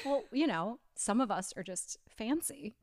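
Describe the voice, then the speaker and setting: A young woman from Ohio, a therapist co-hosting a podcast, chatting in an animated, self-mocking way and laughing a lot. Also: fairly high pitch, a little slow, dry recording, studio quality. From small town near Cincinnati, Ohio. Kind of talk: casual chat.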